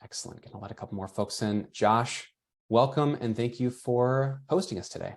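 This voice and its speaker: A man's voice: medium pitch, moderate pace. A man hosting and moderating an online webinar, chatting casually and reading out attendee comments as he goes.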